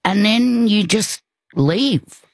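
An older woman, telling a personal story in casual conversation, rambling warmly with restarts and asides. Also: mid-range voice, extremely slow, no echo.

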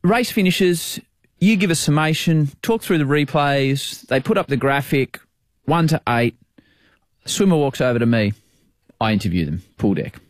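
A man, a sports broadcaster hosting, telling a story in casual chat with quick bursts of speech. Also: on the high side, expressive, no echo, studio quality.

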